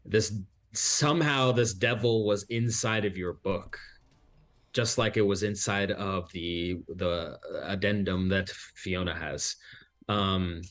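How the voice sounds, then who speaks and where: A man narrating a tabletop game as game master, pausing often and filling gaps with hesitations. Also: low-pitched, a bit bright. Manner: halting, many fillers.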